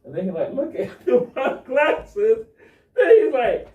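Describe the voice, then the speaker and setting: A man's voice: extremely high pitch, very animated, slow pace, a little mellow, lo-fi sound. A man animatedly retelling a traffic stop, acting out the dialogue, as a guest on a talk show. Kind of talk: animated storytelling. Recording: echoey room, mic at a distance.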